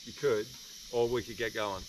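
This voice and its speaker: A man's voice: mid-range voice, steady tone, moderate pace. A man chatting outdoors in a rainforest, dry and laconic, serving as the riding guide. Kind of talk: casual chat. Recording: distant mic, noisy bush ambience.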